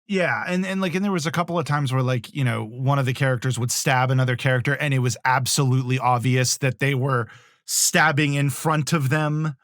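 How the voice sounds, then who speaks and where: A man's voice: mid-range voice, a little fast, dry recording. Chatty man reviewing a film, dry sound. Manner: rambling, self-interrupting, animated asides. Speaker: podcast co-host. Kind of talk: casual movie review chat.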